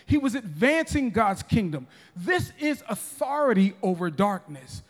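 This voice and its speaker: A man in his forties delivers a sermon in a fairly high voice, pressing his points with repeated restarts and calls to the congregation. His words ring out with a long reverb through a large church sanctuary. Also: big pitch swings, measured pace. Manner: emphatic preaching with repeated restarts and audience calls. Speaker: pastor.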